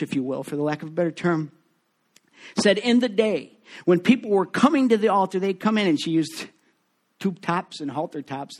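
A male pastor preaching a sermon in a church, swinging between loud, rousing exhortation and hushed, intimate passages. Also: on the high side. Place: church sanctuary.

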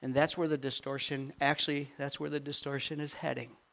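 An older man, a grandfather, preaching a sermon with animated swings from quiet asides to near-shouted peaks. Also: medium pitch, brisk, gravelly. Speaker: pastor.

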